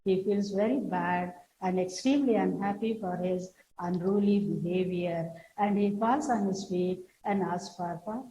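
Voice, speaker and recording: Casting: woman schoolteacher, slow explaining delivery, echoey room with faint hiss. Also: lowish voice, warm tone. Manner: retells a story slowly, explaining word meanings. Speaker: teacher. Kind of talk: classroom story lesson explaining English.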